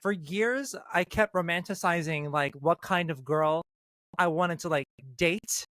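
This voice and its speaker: A woman's voice: fairly low pitch, a little slow, fairly bright tone. A trans woman co-hosting a podcast, chatting casually, swearing often and restarting her sentences a lot. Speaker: podcast co-host. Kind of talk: casual chat.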